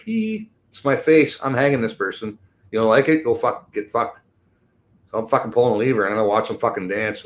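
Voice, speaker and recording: A man, delivering an angry, profane rant that swings between shouted bursts and low mutters. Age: 50s. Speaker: show host.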